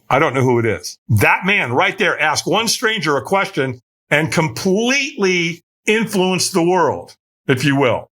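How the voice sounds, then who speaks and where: A man, a podcast guest, telling a story with energy and acting out the voices of the people in it, sometimes shouting their lines. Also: on the high side. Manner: acts out quoted voices, shouting some lines. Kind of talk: animated storytelling in conversation.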